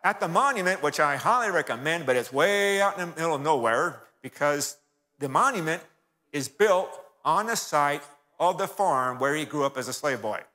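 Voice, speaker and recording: A man's voice: fairly high pitch, lively intonation, moderate pace, sharp tone. Folksy male speaker in an echoing church. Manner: folksy, keeps addressing the audience as folks. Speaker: guest speaker. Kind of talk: folksy sermon-style history talk. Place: church hall. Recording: reverberant church hall.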